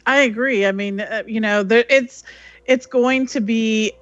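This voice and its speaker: A woman co-hosting a casual podcast chat, agreeable and thoughtful, pausing with fillers. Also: a little high, fairly bright tone, no room sound, dull audio. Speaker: podcast co-host.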